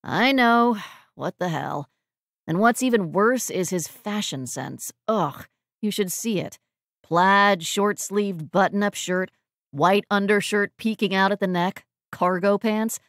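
A woman's voice: medium pitch, measured pace, fairly bright tone, no room sound, clean studio sound. A woman voicing a dramatic, emotional young man who is head over heels in love. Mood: exasperated.

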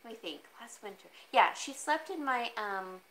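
A woman's voice: expressive, normal speed, a bit bright, rough recording. A woman hosting a casual live jewelry sale from home, chatty and easily sidetracked, laughing often and cooing at her cat. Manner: talks to her cat in a high coaxing voice. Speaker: online jewelry seller. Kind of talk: casual live-stream sales chat.

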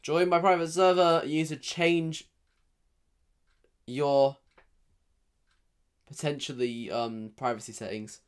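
Smooth-voiced young man streaming. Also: fairly high pitch, steady tone, slow pace, long pauses, no room sound. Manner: chatty, jokey, talks to viewers. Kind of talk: live stream game commentary.

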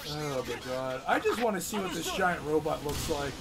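A man's voice: on the high side, animated, moderate pace. A young man live-streaming a game, frustrated, swearing, and talking both to himself and to his chat. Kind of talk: live gameplay commentary.

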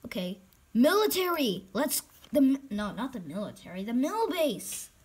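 A woman with a high voice that swings widely up and down, giving live gameplay commentary. She reacts excitably and loudly, then drops to a hushed whisper when she sneaks around in the game. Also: normal speed, breathy edge. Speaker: gaming channel host.

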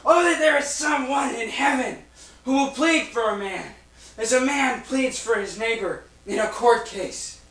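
A man's voice: very high-pitched, unhurried, a bit bright, exaggerated voice. A man playing Job, a suffering man in agony who groans and cries out in a stage play, recorded in an echoey room from far off. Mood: pleading. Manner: anguished, crying out and groaning.

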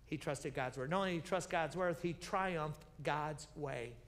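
This pastor's voice is a little high and fairly bright, moving at normal speed. During his sermon in a church sanctuary he animates Bible stories, acting out what the characters say and repeating key phrases while questioning the congregation, captured in a reverberant broadcast.

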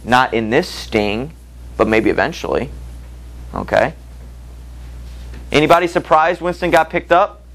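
A man's voice: fairly high pitch, animated, unhurried, long pauses, fairly bright tone, low-quality recording. A male teacher giving a literature lecture, reading passages aloud and asking the class rhetorical questions in a conversational way.

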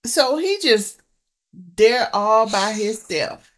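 A woman hosting a reaction video, talking casually with loud emphatic exclamations. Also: a little high, expressive, slow, pauses often.

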